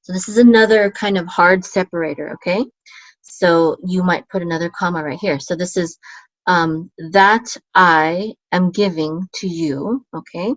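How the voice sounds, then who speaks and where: A woman teaching a Hebrew lesson, explaining patiently with many fillers and chanting words slowly. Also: fairly low pitch, no room sound. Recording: dull, lo-fi sound.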